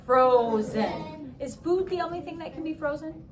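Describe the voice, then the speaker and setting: Bright-voiced woman teaching a spelling class. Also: sits high, animated, unhurried, crowd noise. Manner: upbeat, sing-song prompting, stretches words out syllable by syllable. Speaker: elementary school teacher.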